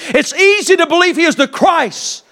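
A man preaching with a very high voice. His sermon rises into fervent, shouted emphasis, then drops back to quiet, low asides. He addresses a congregation as their preacher. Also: lively intonation, normal speed. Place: church service before a congregation.

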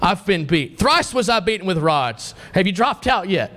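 A man's voice: high voice, very animated, normal speed, a bit bright, slight background noise. A man preaching a sermon to a congregation, reading scripture and asking the listeners pointed questions.

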